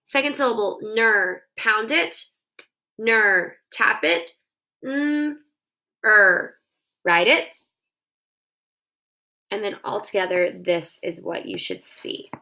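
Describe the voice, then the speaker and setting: A woman's voice: medium pitch, takes it slowly, pauses often, pushed and bright, poor audio. A young woman teaching children a phonics dictation lesson, sounding out words syllable by syllable into her phone.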